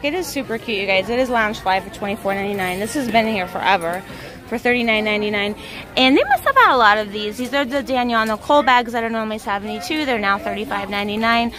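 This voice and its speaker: This casual shopping vlog features a young woman with a fairly high-pitched voice, chatting away and quickly listing prices. Shot handheld in a large store, the low-quality recording has loud store music in the background.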